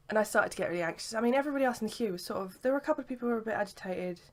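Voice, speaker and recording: A young woman telling a long story to camera in a casual vlog, rambling with lots of "sort of" and "like". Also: on the high side. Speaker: vlogger. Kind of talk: casual chat.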